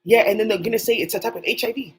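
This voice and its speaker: A woman with a mid-range voice hosts her own channel, delivering a rapid, rambling, profane monologue off the cuff and talking to people who aren't there. Faint music plays behind her, and the recording is rough.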